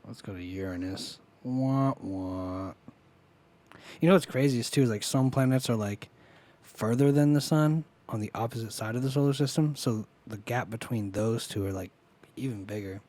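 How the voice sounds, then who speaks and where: Dude on a podcast getting hyped, cussing a lot, mid pitch. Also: male voice, moderate pace. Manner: excited, swearing, nerding out. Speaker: podcast co-host. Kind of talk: casual chat.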